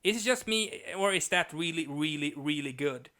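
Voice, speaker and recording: A man reviewing trading cards in a casual, enthusiastic way, reading card text aloud slowly with frequent restarts. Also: a little high, expressive, bright, forceful tone.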